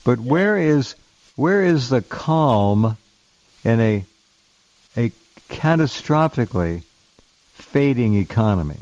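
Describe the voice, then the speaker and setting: A man co-hosting a casual discussion, asking questions in a measured way. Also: medium pitch, sing-song, a little mellow, no room sound, highs cut off.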